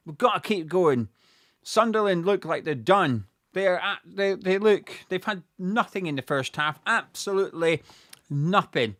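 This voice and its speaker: A man giving live fan commentary on a football match, excitable and swearing freely, bursting into shouts at big moments. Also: sits high, measured pace, pauses often, no echo, clean studio sound.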